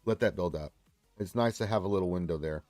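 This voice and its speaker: Here the same kind of livestream host talks fast in a voice that sits low and a little mellow. There's no echo, just soft background music, as he rambles, jokes and reads out viewer comments in a relaxed gaming stream.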